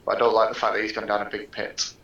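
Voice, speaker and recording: A man's voice: lowish voice, level tone, rapid-fire, fairly bright tone, echoey room, dull audio. A man playing a tabletop game, unsure of himself and often trailing off mid-sentence. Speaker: player.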